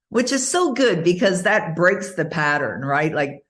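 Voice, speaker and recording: A middle-aged woman giving an interview, telling stories in a lively way and often laughing as she talks. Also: fairly low pitch, a little slow. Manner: animated storytelling, frequent laughs. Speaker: interview guest. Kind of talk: casual interview conversation.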